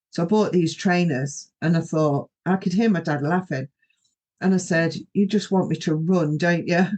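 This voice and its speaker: A woman's voice: low-pitched, a little mellow. A middle-aged woman, hosting a podcast and telling a personal story in a rambling, anecdotal way, often quoting herself. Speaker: podcast host.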